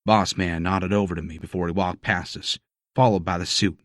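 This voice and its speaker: A man's voice: low voice, fairly even intonation, normal speed, fairly bright tone, dry recording, clean studio sound. A man narrating a first-person romance audiobook in a gritty, profane storytelling manner.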